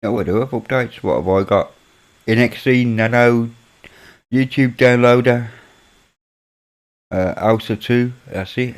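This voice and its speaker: A Birmingham, England live-streamer with a local accent chats casually with his viewers, reading their messages and muttering to himself as he works on his computer. His mid-range voice moves at a measured pace, with long pauses.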